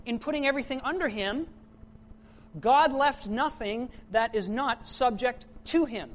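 A man's voice: high voice, slight background noise. Earnest preacher man, stumbling restarts. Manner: earnest, repeats words and restarts often, self-corrects. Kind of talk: sermon.

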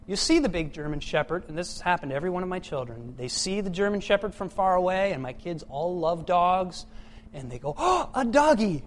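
A middle-aged man preaching to a church congregation. He moves between hushed, reflective passages and loud, emphatic ones. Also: sits high, fairly quick, slight background noise. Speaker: pastor. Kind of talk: sermon.

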